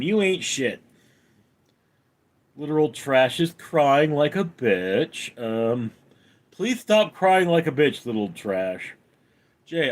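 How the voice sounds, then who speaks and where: A man hosting a livestream at home, reading chat comments aloud and answering them deadpan. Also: medium pitch. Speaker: livestream host.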